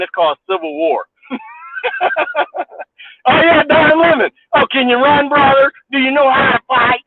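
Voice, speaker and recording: High-pitched mocking man ranting. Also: no room sound. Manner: mocking, laughs often, repeats himself. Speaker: vlogger. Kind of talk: casual rant to camera. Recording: tinny phone-like dry sound.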